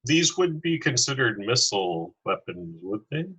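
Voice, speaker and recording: A man's voice: mid-range voice, very animated, normal speed, bright, forceful tone, slightly rough, poor audio. A man playing a tabletop game, casual and joking with the table. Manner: joking, often laughs.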